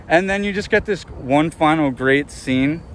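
A man's voice: on the high side, slow, a little hiss or hum. Profane rambling man outdoors. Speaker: movie review host. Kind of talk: casual outdoor movie review. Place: outdoors in an urban area.

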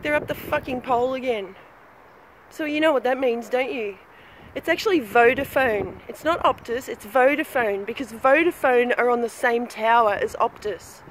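A woman's voice: fairly high pitch, moderate pace, slight background noise, rough recording. A woman, ranting angrily and swearing while filming herself outdoors on her phone. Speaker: vlogger. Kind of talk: angry rant vlog while walking. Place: outdoors on a street.

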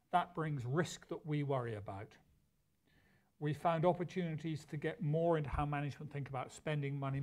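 A man presents at a conference in a slightly raised voice. He sounds measured and deliberate, and he often restarts a phrase to stress a key point. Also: on the high side, darkish tone. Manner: measured, with frequent restarts and emphasis. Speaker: conference speaker.

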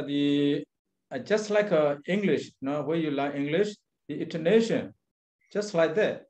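A man who is a monk teacher, leading an Abhidhamma class in halting English, chanting Pali phrases with careful pauses. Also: on the high side, darkish tone.

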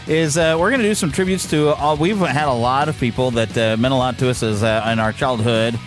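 A man's voice: mid-range voice, brisk, faint music behind. Rambling upbeat male podcast host. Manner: rambling, upbeat, many fillers and restarts. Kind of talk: casual podcast chat. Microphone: podcast microphone.

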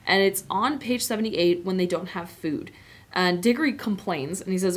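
A woman's voice: on the low side, normal speed. A woman teacher giving an informal, chatty lecture on a novel, with many fillers and asides. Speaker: literature teacher.

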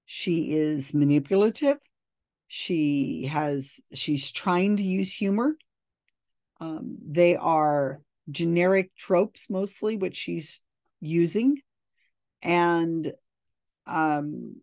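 Lady picking apart psychic clips, blunt and skeptical, lots of ums, lowish voice. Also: a little mellow, no echo, clean studio sound. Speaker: commentator reviewing psychic videos. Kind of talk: casual video commentary.

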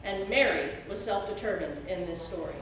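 A woman's voice: medium pitch, moderate pace, crowd noise. A middle-aged woman pastor preaching an earnest, emphatic sermon in a church sanctuary. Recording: very echoey church hall, speaker far from mic.

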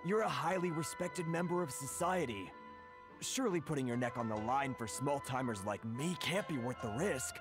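A man's voice: medium pitch, lively intonation, normal speed, music in the background, natural voice. A man voicing a humble young merchant in a game, speaking earnestly and a little hesitantly. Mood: anxious. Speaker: game character.

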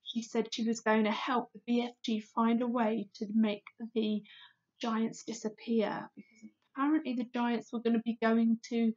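A woman teacher reading a children's book aloud, slow and expressive. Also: fairly high pitch, highs cut off. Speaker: primary school teacher.

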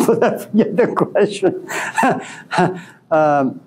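A man giving a storytelling lecture to a class, wry and joking, in an unhurried way. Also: sits high, huge pitch swings, breathy edge. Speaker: philosophy lecturer.

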